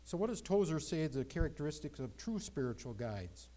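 A man's voice: a little high, very animated, brisk, low-quality recording. Emphatic preaching man. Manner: emphatic, swings from loud exclamations to quiet asides. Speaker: pastor. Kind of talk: sermon.

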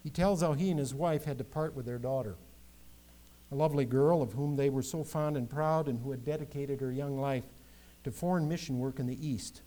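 A man's voice: mid-range voice, fairly quick, mellow. A male pastor preaching a sermon to his congregation, rising into emphatic recitation when he quotes scripture.

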